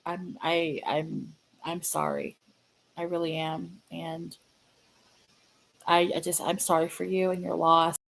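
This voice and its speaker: A woman hosting her own fan channel, chatting casually and sadly to viewers, halting and repeating herself with many fillers. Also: on the low side, steady tone, gravelly, rough recording. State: sad, grieving. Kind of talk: casual livestream chat to viewers.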